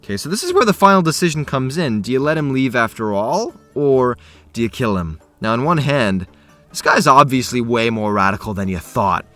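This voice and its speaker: A man's voice: mid-range voice, animated, fairly quick, bright, forceful tone, soft background music. A man casually talking through a video game quest, chatty and self-correcting as he goes. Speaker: gaming youtuber.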